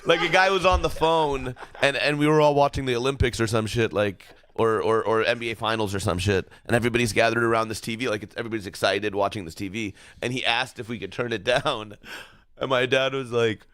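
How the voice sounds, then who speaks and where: A man's voice: mid-range voice, steady tone, fast, fairly bright tone, smooth, dry recording. A man chatting casually on a podcast as a guest comedian, telling laid-back, swearing family stories. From Southern California.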